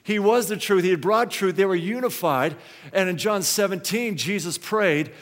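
High-pitched preacher guy asking the church questions, big echoey hall. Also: normal speed, fairly bright tone. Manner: questioning the congregation, storytelling. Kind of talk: sermon. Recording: long hall reverb.

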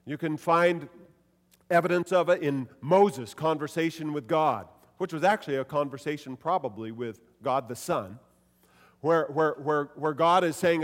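A man preaching in a church sanctuary, his voice sitting a bit high for a man. Long reverb from the big hall trails after each phrase. He is animated, dropping soft and then rising loud as he acts out quoted lines. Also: moderate pace. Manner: animated preaching, acting out quoted lines with shifts in pitch and loudness. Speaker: pastor. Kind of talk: sermon.

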